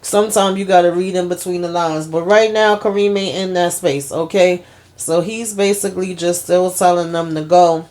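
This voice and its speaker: A woman's voice: fairly low pitch, fairly even intonation, moderate pace, a little mellow. A woman hosting a casual TV episode recap, retelling scenes in a chatty way and often adding "you know" and "okay?". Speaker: host.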